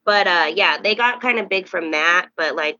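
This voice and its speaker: Bright, chatty young woman host. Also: moderate pace, no room sound, dull audio. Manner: animated, acts out quoted voices high and loud. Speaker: podcast host. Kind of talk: casual storytelling chat.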